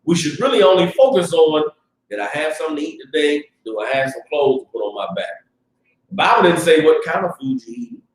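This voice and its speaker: A high-voiced man with a Southern US accent preaches in a fiery, loose street style, breaking into shouts at his peaks. He stands back from the mic in a very echoey room. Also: very animated, a little fast. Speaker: class teacher. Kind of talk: preaching class, casual street talk. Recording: roomy echo, distant mic.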